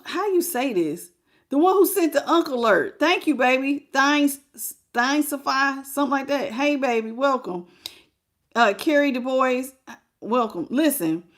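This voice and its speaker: A woman's voice: sits high, fairly bright tone. A woman hosting a live tarot reading. She talks frankly and folksily, greets viewers by name and calls them baby. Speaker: tarot reader.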